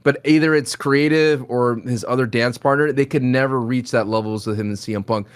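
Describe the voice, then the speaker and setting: A young man hosting a casual podcast, joking and animated, who acts out quotes in silly voices. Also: mid-range voice, brisk, clear, resonant tone. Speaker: podcast host.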